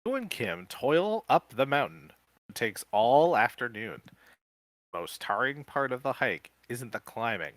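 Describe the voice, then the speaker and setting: A man co-hosting a podcast, reading a gamebook aloud live in a casual way, with quick joking asides. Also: on the low side, a bit bright, no echo.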